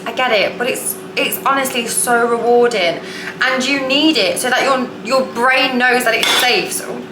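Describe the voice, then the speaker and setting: A woman's voice: fairly high pitch, background noise. A woman who coaches manifestation, chatting bluntly and casually with some swearing while she cooks dinner at home. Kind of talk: casual vlog talk while cooking. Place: home kitchen, cooking dinner. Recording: echoey kitchen with cooking clatter.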